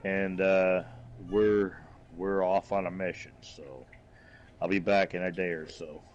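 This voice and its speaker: A man with a lowish voice speaks very slowly as a player in a tabletop game. His jokes are dry and he swears casually, over a faint noise. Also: steady tone, muffled recording.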